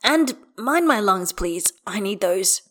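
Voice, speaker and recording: A woman's voice: medium pitch, expressive, slow pace, fairly bright tone, voice pushed up. A woman reading a story aloud and voicing a wry, patient father with a dry, mildly exasperated manner.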